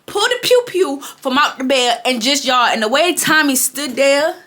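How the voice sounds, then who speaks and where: A young woman recapping a reality show for her viewers in a chatty, animated way, repeating phrases and talking straight to her audience. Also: high voice, normal speed. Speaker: TV recap vlogger. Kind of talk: casual recap commentary.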